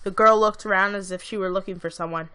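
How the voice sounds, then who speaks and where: A woman's voice: medium pitch, steady tone, quick pace, sharp tone, clear, resonant tone. A woman reading her own fantasy story aloud in a plain way, with small stumbles. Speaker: amateur reader.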